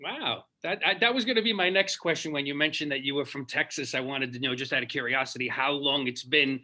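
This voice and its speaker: A man's voice: mid-range voice, brisk, pushed and bright. A man hosting an interview, asking long, chatty and curious questions. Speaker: interviewer, host.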